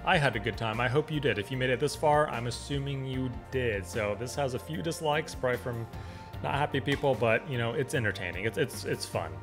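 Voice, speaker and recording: A man's voice: mid-range voice, brisk, over music. Easygoing man reacting casually. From California. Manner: easygoing, rambling, repeats words. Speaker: reaction video host. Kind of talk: casual commentary.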